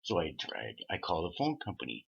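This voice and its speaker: A man's voice: low voice, huge pitch swings, a little fast, gravelly, slightly rough. A man talking in a rambling, profane monologue from Canada, acting out the voices of people he quotes. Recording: dull lo-fi sound.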